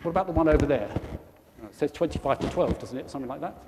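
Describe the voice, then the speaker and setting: A man's voice: a little high, lively intonation, racing. A man with a South East English accent giving an informal talk to a church congregation as a guest speaker, chatty and forever asking the room tag questions. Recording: long church reverb, faint noise.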